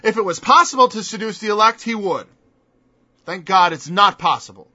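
A man's voice: high-pitched, moderate pace, sharp tone, no room sound. A man preaching a sermon in an emphatic style, firing off mocking rhetorical questions. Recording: dull lo-fi dry recording.

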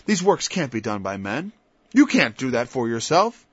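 A man's voice: on the high side, very animated, fairly quick, fairly bright tone, no echo. A man preaching an informal Bible-study sermon. He talks conversationally, stops and restarts, then builds to emphatic peaks. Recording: dull lo-fi dry recording.

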